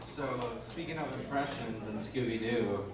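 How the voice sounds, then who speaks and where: A man's voice: mid-range voice, unhurried, very noisy. A man hosting a comedy show with dry, joking emcee banter between acts. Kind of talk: stand-up and emceeing. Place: comedy club. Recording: echoey club from far off, loud crowd.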